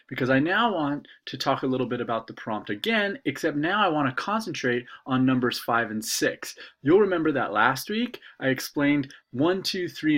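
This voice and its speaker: An instructor talks through a recorded lesson in a relaxed, conversational way, often pausing on "uh." His voice sits at an ordinary middle pitch but moves up and down with lively emphasis. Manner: conversational, filler-laden explaining. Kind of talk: recorded video lecture.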